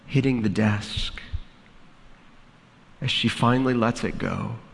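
Slow deliberate male pastor. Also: mid-range voice, big-room sound. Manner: slow, deliberate dramatic storytelling. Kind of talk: sermon.

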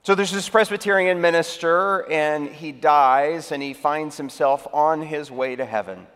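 A man's voice: a little high, a little slow, a bit bright, smooth, big-room sound. A man preaching a sermon as pastor, telling a joke story and then explaining in a conversational, emphatic way.

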